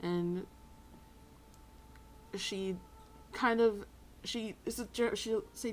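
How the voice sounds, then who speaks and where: Woman player, slow and unhurried, expressive, lots of fillers, faint background hiss. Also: medium pitch, poor audio. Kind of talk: tabletop game play.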